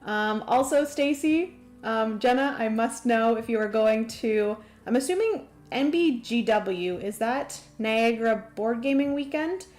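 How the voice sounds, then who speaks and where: A young woman hosting a livestream, chatting casually with viewers in a bubbly, excitable way and laughing often. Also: fairly high pitch, measured pace. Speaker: livestream host. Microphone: desk microphone.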